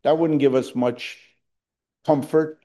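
A middle-aged man preaching a sermon as pastor, earnest and deliberate, lifting his voice on quoted scripture. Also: a little high, steady tone, dark tone. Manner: slow, earnest preaching with emphatic rises on quoted verses.

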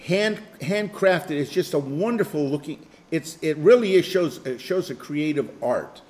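A man's voice: fairly high pitch, darkish tone, slight background noise. An older man leading a Bible study group in an informal sermon, rambling, repeating phrases and chuckling.

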